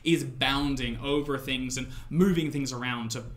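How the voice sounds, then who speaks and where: A man's voice: medium pitch, fairly even intonation, normal speed. A man running a tabletop horror game as game master, narrating scenes descriptively with loose fillers.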